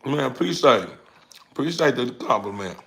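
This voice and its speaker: A man's voice: mid-range voice, expressive, moderate pace, vocal fry, fairly bright tone. A young man hosting a casual live stream, laid-back and drawling, repeating words as he reads viewer comments.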